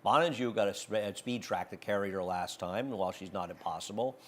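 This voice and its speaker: A man's voice: on the low side, fast talker, a little hiss or hum. A man hosting a horse racing betting show, giving blunt, opinionated handicapping in casual chat.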